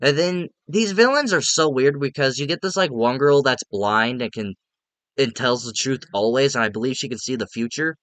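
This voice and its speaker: A man's voice: mid-range voice, moderate pace, a bit bright, no echo. A man giving a casual, rambling film review, repeating himself and laughing at the movie.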